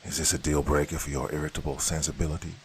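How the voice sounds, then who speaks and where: A man voicing a menacing, suave male creature who speaks slowly in a deep, measured voice. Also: steady tone, a little hiss or hum. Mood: cold, smug. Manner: slow, low, measured delivery.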